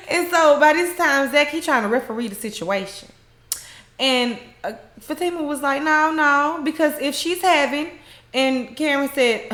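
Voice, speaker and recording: A woman's voice: sits high, lively intonation, a little slow, pauses often, a bit bright. A woman casually recapping a TV episode, retelling scenes in her own words with slang and frequent laughter. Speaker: recap host.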